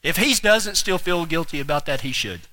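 A man preaching a sermon, telling a funny story in an animated, folksy way. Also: a little high, moderate pace. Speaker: pastor.

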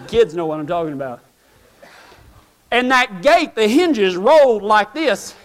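A man's voice: extremely high pitch, a bit bright. A man telling a humorous, self-mocking story in folksy rural speech to a live audience. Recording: long hall reverb.

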